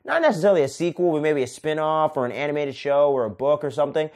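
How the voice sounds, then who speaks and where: A man's voice: fairly high pitch, animated, fast talker, darkish tone. A man hosting a casual solo movie review, enthusiastic and profane, who ends sentences with "man". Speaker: podcast host, film reviewer.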